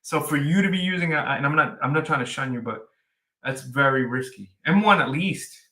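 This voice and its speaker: A man talking casually as a guest, animated and rambling. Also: a little high, a little fast. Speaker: podcast guest. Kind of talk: casual tech chat.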